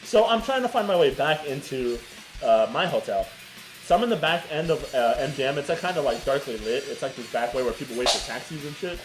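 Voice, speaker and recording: A man's voice: medium pitch, fairly quick, soft background music, poor audio. A man co-hosting a podcast, telling a story in casual chat and swearing freely. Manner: animated, swearing, laughing storyteller. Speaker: podcast co-host.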